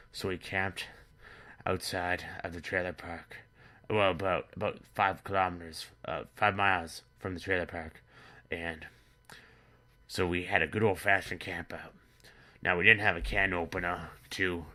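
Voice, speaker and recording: Man, deep bright voice, rambling crude comedy narrator. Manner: rambling, absurd, crude, chuckling.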